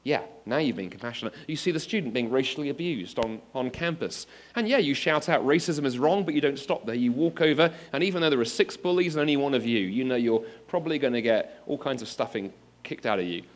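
A man's voice: mid-range voice, animated, quick pace. A man giving an earnest apologetics talk to an audience, addressing listeners directly with examples and rising to emphatic exclamations. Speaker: preacher. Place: speaking to an audience of students.

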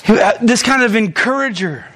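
A pastor delivers a sermon and closing prayer in church, talking earnestly and directly to his congregation. His voice sits a little high for a man and climbs on the words he stresses. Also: animated, normal speed, a bit bright.

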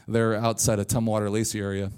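A man's voice: lowish voice, little pitch movement, fast, darkish tone, clean tone. Casual, joking male preacher. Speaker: pastor. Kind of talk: sermon. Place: church.

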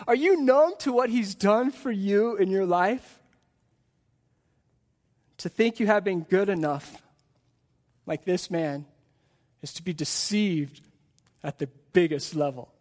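High-pitched guy preaching in church, earnest, lots of rhetorical questions to the crowd. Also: darkish tone. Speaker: pastor. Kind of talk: live sermon. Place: church in front of a congregation.

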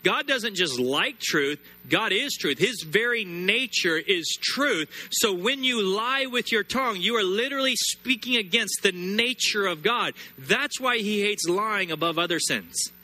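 A preacher with a high, bright, cutting voice delivers a sermon. He drives his points with repetition and stretches key phrases slowly for weight. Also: animated. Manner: emphatic, repeats words and builds phrases, slows sharply on scripture.

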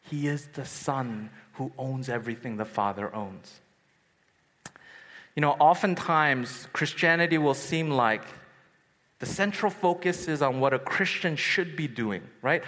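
A man preaching at a youth retreat, telling stories in an animated way and acting out voices. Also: fairly high pitch. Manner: animated storytelling, acts out voices. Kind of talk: sermon. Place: large hall at a retreat. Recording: echoey hall.

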